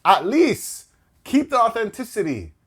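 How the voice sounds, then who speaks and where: A man's voice: high-pitched, huge pitch swings, unhurried, fairly bright tone, husky. Emphatic man pleading on a podcast. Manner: emphatic, pleading, repeats himself. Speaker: podcast co-host. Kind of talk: casual chat.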